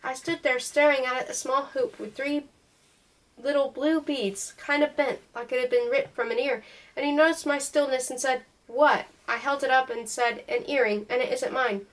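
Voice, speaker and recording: A woman's voice: high voice, fairly even intonation, normal speed, poor audio. A woman reading a novel aloud in first-person narration, voicing the dialogue as she goes. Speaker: audiobook reader.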